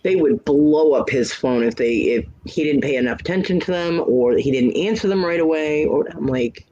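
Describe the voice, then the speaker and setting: A man with a husky, slightly rough voice tells a personal story in relaxed chat. He is blunt and outspoken and slips into the other person's voice for each quoted line. The sound is a bit muffled, like a lo-fi online voice call. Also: fairly high pitch, moderate pace. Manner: blunt, frank storyteller who acts out both sides of quoted arguments. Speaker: hangout host.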